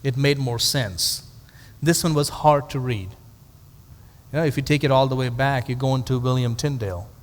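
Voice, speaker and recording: A man's voice: medium pitch, moderate pace. Man teaching in a reverberant hall. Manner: conversational, rhetorical questions to the audience, dry humorous asides. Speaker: pastor. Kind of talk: Bible study teaching.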